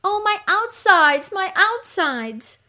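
A woman's voice: a little high, big pitch swings, pushed and bright, voice pushed up, heavily acted. Woman voicing a wailing underworld queen, Ereshkigal. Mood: moaning. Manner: drawn-out moaning cries.

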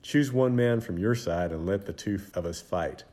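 A man's voice: mellow, lightly acted. A man voicing a huge, boastful giant warrior who taunts and laughs at his foe in a children's Bible storybook. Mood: challenging. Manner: booming, taunting, slow menacing laughter. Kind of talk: storybook character voice.

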